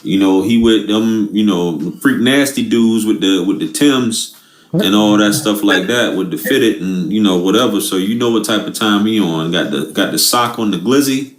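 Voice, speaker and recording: Low-voiced man in slangy banter. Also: normal speed, reverberant. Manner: laid-back slangy banter. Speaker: reaction channel host. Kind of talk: casual reaction commentary.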